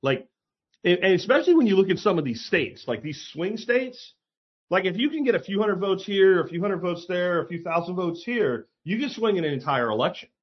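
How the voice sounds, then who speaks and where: A man delivers a blunt, sarcastic opinion monologue, peppered with profanity and emphatic asides. His voice sits a little high and sounds husky. The recording is slightly dull and lo-fi. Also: very animated, brisk. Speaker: commentary host.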